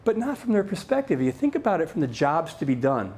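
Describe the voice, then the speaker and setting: A man's voice: fairly high pitch, big pitch swings, fast talker, darkish tone. A middle-aged man giving a live conference talk as keynote speaker, with playful joking asides to the audience.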